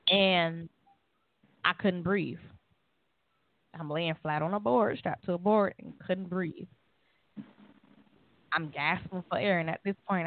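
A woman on a call-in talk show telling a personal story in an animated way, acting out the voices in it. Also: on the low side, no echo. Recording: phone-line call.

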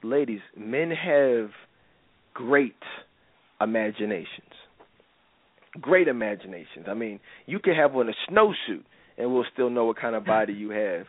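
A man's voice: medium pitch, expressive, fairly quick, no echo. Male radio host lecturing the ladies, rambly and preachy, dry tinny phone sound. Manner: preachy, rambling, lots of fillers. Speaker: radio talk show host. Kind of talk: opinionated monologue to listeners.

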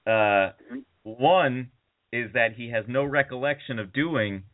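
A man's voice: medium pitch, slow. A man hosting a podcast, telling rambling anecdotes in casual chat. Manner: rambling, animated storytelling with quoted voices. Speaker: podcast host. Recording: tinny phone-like sound.

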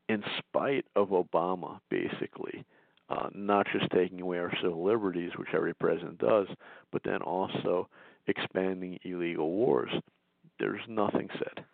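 Man, lowish gravelly voice, indignant sarcastic talk radio host; dry, thin phone-like sound. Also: no room sound. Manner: indignant, sarcastic commentary with restarts. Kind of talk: political call-in talk.

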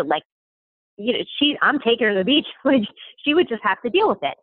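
A stay-at-home mom appears as a podcast guest, rambling chattily through a casual conversation full of fillers and restarts. Her voice is a little high and sing-song, and she talks quickly. The audio comes through a thin, phone-like line and is dry, with no room sound around it.

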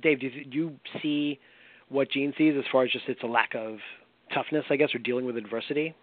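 A man's voice: medium pitch, steady tone, brisk, dry recording. Host, male, chatty and laughing, over a tinny dry phone line. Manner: laughs often, restarts words. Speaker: podcast host. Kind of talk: casual sports chat.

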